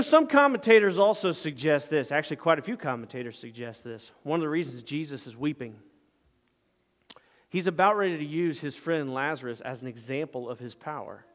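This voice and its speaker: A man pastor preaching a sermon in a church sanctuary, swinging between loud emphatic passages and hushed, quiet asides. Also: fairly high pitch, big-room sound.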